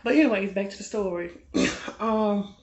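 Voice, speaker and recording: Man in his late twenties, casual storytelling. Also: moderate pace. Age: late 20s. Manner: relaxed, conversational, often drops to a soft, low-key delivery. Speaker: vlogger. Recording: echoey room with loud background noise.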